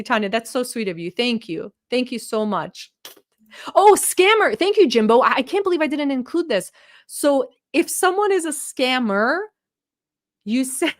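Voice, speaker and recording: A woman's voice: fairly high pitch, no echo, studio quality. A young woman from the Middle East, English not her first language, giving a casual livestream language lesson in a bubbly, teasing way. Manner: bubbly, teasing, thanks chat often. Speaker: streamer teaching language.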